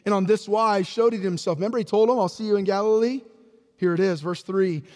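A man with a high voice preaches in a church sanctuary, his words trailing into a long hall reverb. He reads scripture aloud and keeps turning to the congregation with questions. His delivery swings between ringing declarations and quiet, intimate asides. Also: fairly even intonation, a little fast. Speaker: pastor. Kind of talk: sermon.

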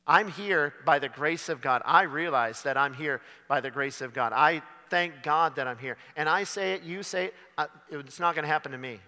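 Bright-voiced preacher in a reverberant hall. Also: male voice, on the high side, normal speed, hardly any pauses. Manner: dramatic, swings from loud to hushed. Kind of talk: sermon.

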